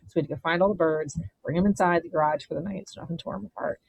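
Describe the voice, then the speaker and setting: A woman in her thirties from Maryland, a podcast guest telling a story in a blunt, animated way and swearing freely. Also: lowish voice, rapid-fire, gravelly, slightly rough, dry recording, low-quality recording. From Maryland, USA. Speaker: podcast guest, vineyard owner. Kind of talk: casual chat, storytelling.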